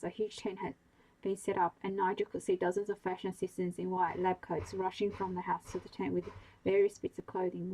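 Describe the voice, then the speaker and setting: Ruhige Vorleserin mit knarzender Stimme. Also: female voice, on the low side, vocal fry, mellow, low-quality recording. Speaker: sleep story narrator. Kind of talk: bedtime audiobook reading.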